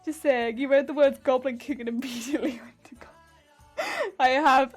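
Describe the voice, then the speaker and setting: A woman's voice: sits high, animated, normal speed, breathy edge, faint music behind. A woman streaming from home, chatting casually with viewers while crafting; she giggles often and answers chat playfully. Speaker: livestreamer.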